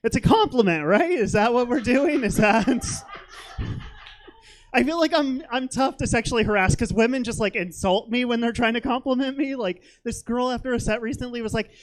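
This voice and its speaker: A man's voice: very high voice, normal speed. A young man doing a stand-up comedy set on a theater stage, rambling and self-deprecating, with lots of fillers.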